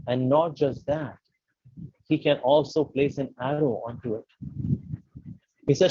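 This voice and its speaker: A man giving an animated devotional storytelling talk who acts out the voices. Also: medium pitch, unhurried, long pauses, slightly rough, dry recording, lo-fi sound. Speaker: devotional speaker.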